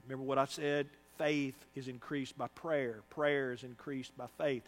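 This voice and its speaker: A man's voice: medium pitch, steady tone, normal speed. A man preaching a sermon as pastor, emphatic and repeating phrases for effect. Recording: long hall reverb.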